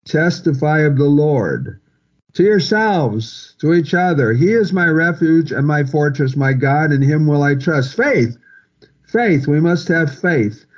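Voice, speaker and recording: Slow-preaching man, lo-fi recording. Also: fairly high pitch, lively intonation. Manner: slow, repetitive preaching with scripture quotes. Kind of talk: sermon.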